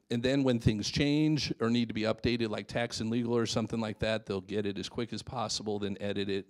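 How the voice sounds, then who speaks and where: A man presenting at a live seminar, casual and checking in with the audience. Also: on the low side.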